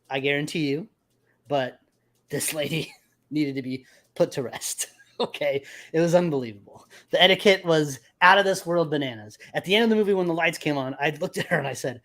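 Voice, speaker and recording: A man hosting a podcast, telling a story in casual chat with lots of swearing and animated retelling. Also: fairly high pitch, moderate pace. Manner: profane, animated storytelling with laughs. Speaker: podcast host.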